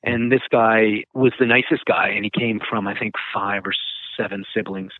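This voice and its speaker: A man's voice: lowish voice, fairly even intonation, moderate pace, no echo. A man, a nonprofit founder, telling stories in an interview, rambling with many fillers and restarts. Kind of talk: conversational storytelling. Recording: dry tinny phone line.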